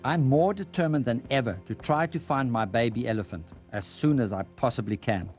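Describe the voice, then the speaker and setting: A man giving scripted documentary voice-over narration in a measured, earnest way. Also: medium pitch, a little mellow. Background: music.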